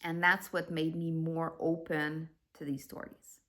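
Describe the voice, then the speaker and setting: A woman speaks to her viewers in a low-pitched but bright, forward voice. She tells a personal story in a reflective, unhurried way, pausing and restarting as she goes. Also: little pitch movement. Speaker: spiritual vlogger.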